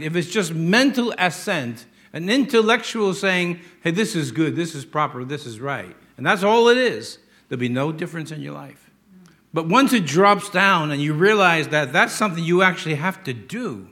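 An older man preaching a sermon as a pastor, emphatic and drawing out key words slowly for stress. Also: a little high, lively intonation, bright, forceful tone.

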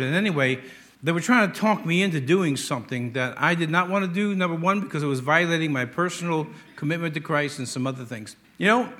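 An older man preaching a sermon as a pastor, emphatic and drawing out key words slowly for stress. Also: on the high side, pushed and bright.

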